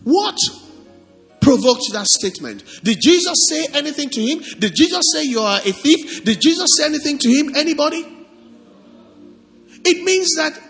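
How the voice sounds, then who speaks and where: A man preaching a sermon as pastor, animated and asking the congregation questions. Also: very high voice, normal speed, in a large hall, soft background music.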